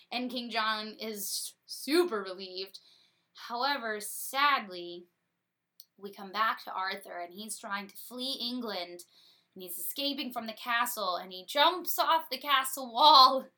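A woman's voice: on the high side, slow, sharp tone. A woman giving a breezy, sarcastic comedic retelling of a story.

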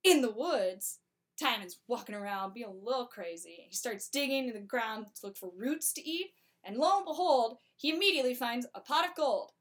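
Young woman, casual, wry plot recap, slightly high pitch. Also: expressive, moderate pace. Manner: wry, chatty, full of filler words. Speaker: storyteller summarizing a play.

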